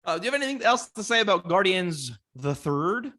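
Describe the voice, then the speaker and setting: High, lively man joking on a podcast. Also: brisk. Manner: laughing, jokey, quotes others in put-on voices. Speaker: podcast co-host. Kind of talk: casual chat.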